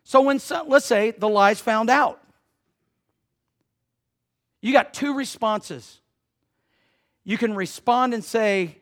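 Man, pastor, high-pitched, chatty sermon delivery with big swings in volume. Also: takes it slowly, long pauses. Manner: conversational preaching, jokes with the congregation, swings from loud to hushed.

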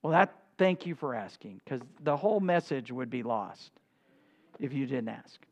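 A man's voice: medium pitch, lively intonation, normal speed. A man, a pastor, preaching an impassioned sermon and quoting scripture in old-style wording to a congregation in a church.

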